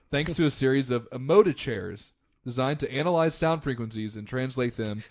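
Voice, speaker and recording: A man's voice: mid-range voice, expressive, brisk, a little mellow. A man co-hosting a podcast, reading out news stories with dry, teasing asides. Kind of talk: casual banter and news reading.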